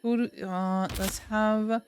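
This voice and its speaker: A woman's voice: medium pitch, fairly even intonation, slow pace, darkish tone, a little hiss or hum. A young woman streaming a game, chatting casually, cooing and doting with giggles and sudden gasps. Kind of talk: casual live-stream commentary.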